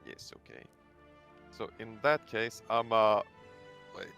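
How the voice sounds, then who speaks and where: A man's voice: fairly low pitch, takes it slowly, gravelly, fairly bright tone, dull audio, soft background music. A man from Sweden playing a tabletop role-playing game, asking hesitant rules questions in casual chat. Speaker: player.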